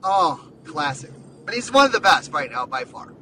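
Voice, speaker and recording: A man hosting a casual sports podcast, talking in an excited, rambling way full of "dude" and "like.". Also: a little high, normal speed, recorded from a distance, a little hiss or hum, rough recording. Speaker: podcast host.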